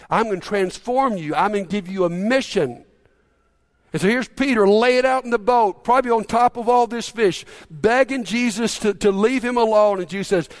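High-voiced man preaching a sermon. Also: normal speed. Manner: conversational storytelling with repeated restarts and audience questions. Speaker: pastor.

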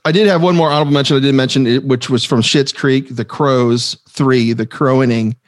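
Male co-host, casual chat, lively and laughing, dry mic. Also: medium pitch, fairly quick, no room sound. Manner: animated, laughs often. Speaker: podcast co-host.

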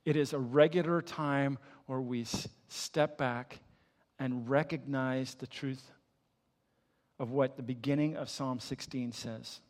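An older man preaching a sermon as a pastor, telling a personal story with energy, then dropping to a soft, hushed voice in prayer. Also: medium pitch, fairly even intonation, unhurried, long reverb tail. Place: church sanctuary.

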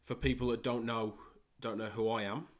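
A young man with a West Midlands English accent, hosting a solo soccer podcast and talking in a halting way with many fillers and repeated words. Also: medium pitch, steady tone. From England. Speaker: podcast host and soccer coach.

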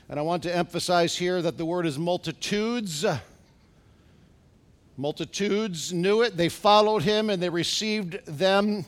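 A middle-aged man preaching a sermon as pastor in a church, asking the congregation questions and building to loud, urgent exhortations. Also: high-pitched. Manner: preaching with rising, shouted exhortations and rhetorical questions. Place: church sanctuary.

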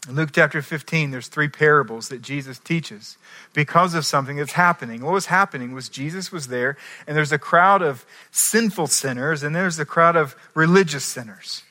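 A man preaching a sermon as pastor, earnest, moving between quiet asides and emphatic climaxes. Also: fairly high pitch, moderate pace.

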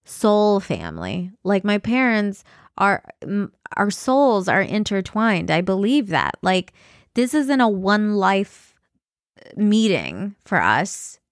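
A woman's voice: mid-range voice, very animated, takes it slowly, no room sound, studio quality. A young woman talking candidly in a personal vlog, rambling with fillers and restarts. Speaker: vlogger.

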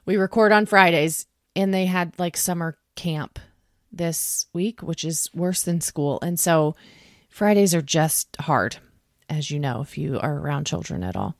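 A young woman with a slightly low voice tells a story on her podcast, chatty and animated, sprinkling in casual fillers. The sound is dry and close, with no room around her. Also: a little slow, dry recording. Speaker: podcast co-host.

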